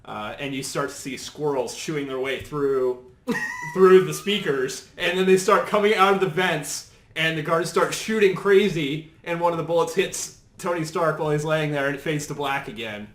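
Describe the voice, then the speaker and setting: Man in an animated rambling pitch, roomy sound. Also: normal speed. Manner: rambling, laughing, with many restarts and fillers. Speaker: podcast co-host pitching a show idea. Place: studio set full of toys and collectibles. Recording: roomy echo.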